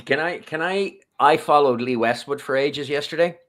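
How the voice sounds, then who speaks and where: A man's voice: on the high side, moderate pace, a bit bright. A man on a golf podcast panel telling long, rambling anecdotes in a casual chat. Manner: rambling, anecdotal, self-correcting.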